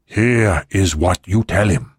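A man doing a slow, quiet aging oracle. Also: sits low, husky, no echo, studio quality, exaggerated voice. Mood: solemn. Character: aging male oracle, weary then eager.

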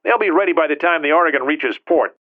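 A man doing a brisk ops chief over a tinny phone. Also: on the high side, voice pushed up. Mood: businesslike. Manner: brisk, matter-of-fact. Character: calm male operations chief on a phone. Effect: phone filter. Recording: narrow tinny phone line.

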